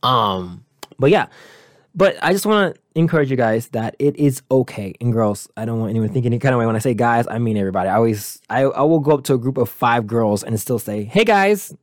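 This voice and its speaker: A man's voice: medium pitch, fast, no room sound, clean studio sound. Earnest man hosting a motivational podcast. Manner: earnest, encouraging, rambling. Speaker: podcast host.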